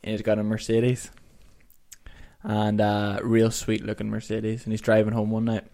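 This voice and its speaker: A man's voice: lowish voice, completely flat delivery, moderate pace, creaky, mellow. A young man, co-hosting a casual podcast and telling a long joke in a playful, teasing way. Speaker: podcast co-host. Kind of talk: casual chat, telling jokes.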